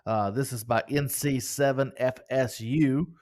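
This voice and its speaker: A man's voice: medium pitch, steady tone, unhurried, a little mellow. Upbeat joking male co-host. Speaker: podcast co-host. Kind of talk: casual chat, reading reviews aloud.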